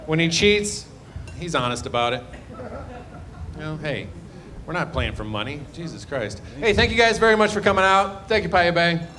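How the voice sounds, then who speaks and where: Rambling stand-up comic doing crowd work. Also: male voice, expressive, normal speed, sharp tone. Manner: rambling, self-deprecating banter, trailing off low. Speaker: stand-up comedian. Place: live comedy show.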